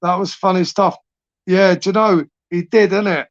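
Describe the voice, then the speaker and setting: A man in his forties, talking a little high for a man as he hosts a late-night live stream. He rambles through chat messages with sweary, matey banter. The sound is dry and dull, like lo-fi stream audio. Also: steady tone, moderate pace, no room sound. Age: 40s.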